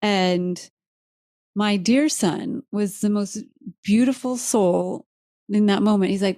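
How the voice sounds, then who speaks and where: A woman's voice: medium pitch, slow pace, warm tone, no echo, clean studio sound. Candid, heartfelt woman podcast host. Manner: candid, heartfelt, laughs easily. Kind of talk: emotional personal storytelling.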